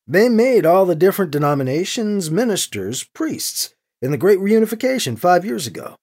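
An audiobook narrator reading a story in an expressive, dry storytelling manner. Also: medium pitch, moderate pace, hardly any pauses. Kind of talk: scripted narration.

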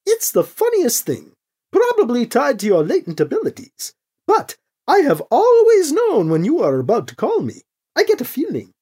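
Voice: sits high, wildly swooping pitch, normal speed, warm tone, pitched above the performer's own voice. An audiobook reader voicing a cheerful, eager male engineer with a raised, chirpy voice.

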